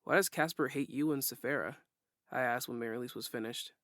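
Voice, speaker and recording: A man narrating a first-person audiobook in a steady, plain storytelling way. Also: mid-range voice, brisk, dry recording, clean studio sound.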